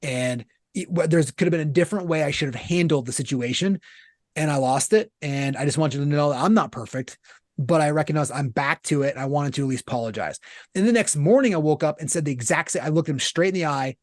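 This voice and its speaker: A man in his thirties giving candid interview answers, blunt and animated, with casual swearing. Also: fairly high pitch, fast, no room sound, clean studio sound. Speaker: guest, author and business founder.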